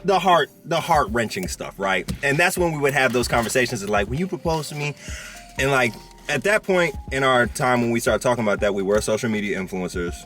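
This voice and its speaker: A young man vlogging from a parked car, talking in a relaxed, rambling way with plenty of slang. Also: mid-range voice. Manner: laid-back, rambling, slangy. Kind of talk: casual chat.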